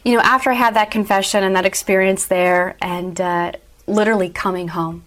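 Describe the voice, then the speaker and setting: A young woman sharing an earnest personal faith story as an interview guest, often laughing softly. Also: medium pitch, steady tone, brisk.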